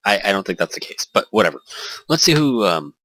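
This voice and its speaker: A man's voice: fairly low pitch, sing-song, a little fast, fairly bright tone, rough recording. A man hosting a let's play, reading a visual novel aloud with joking, self-correcting commentary. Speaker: host.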